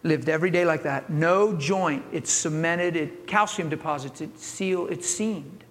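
A man's voice: on the high side, measured pace, long reverb tail, a little hiss or hum. A man preaching in a church, telling a healing story with laughs and acted-out voices. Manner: animated, laughing, acts out voices in his story. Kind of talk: storytelling sermon.

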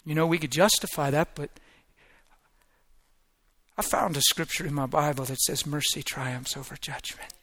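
A middle-aged male preacher tells a personal testimony in a bright, ringing voice that sits a little high for a man. He drops to hushed, almost whispered prayer, then bursts into loud, emphatic lines. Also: steady tone, moderate pace, long pauses. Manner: emotional storytelling, swinging from hushed prayer to loud exclamation. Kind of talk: sermon testimony.

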